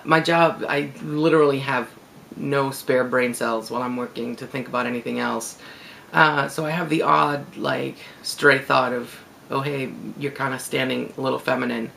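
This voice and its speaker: A man with a gravelly, fry-laden voice, speaking at an ordinary middle pitch. He talks candidly in a relaxed video-blog monologue, full of fillers and easy laughter. A faint hiss sits under the recording. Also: poor audio. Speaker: video blogger. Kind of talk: casual reflective monologue.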